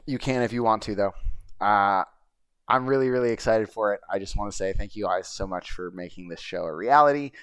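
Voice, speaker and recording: A chatty man gives loose, rambling commentary over a video he is watching. He hosts his own show, and his slightly low voice sits close and dry with no room sound. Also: a little fast, a bit bright, clear, resonant tone, no room sound. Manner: rambling and chatty, with frequent fillers and profanity. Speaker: host.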